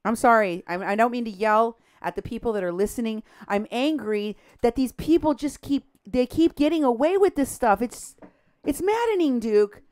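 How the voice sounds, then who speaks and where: Speaking a little high at a moderate pace with hardly any pauses, a woman fumes on talk radio, reading social media posts with disdain as her indignation builds almost to shouting. Her tone is clean and the recording dry.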